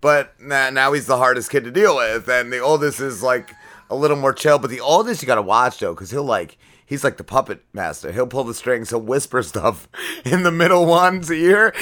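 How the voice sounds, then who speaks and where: A man's voice: medium pitch, animated, moderate pace, pushed and bright. A man co-hosting a casual podcast interview, swearing freely and laughing often. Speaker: podcast co-host.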